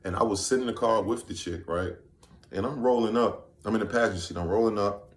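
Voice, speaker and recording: A man's voice: on the low side, quick pace. A man from Virginia telling a story casually to camera, loose and rambling, often saying "you know what I'm saying". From Virginia, USA. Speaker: vlogger. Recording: echoey room.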